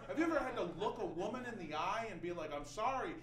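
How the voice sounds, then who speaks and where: A man's voice: high-pitched, expressive, fast talker, fairly bright tone, roomy sound, distant mic. An actor playing a brash, profane stand-up comic who bluntly pushes his brother around. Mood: joking. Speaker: stand-up comedian. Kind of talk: scripted comedy drama acting.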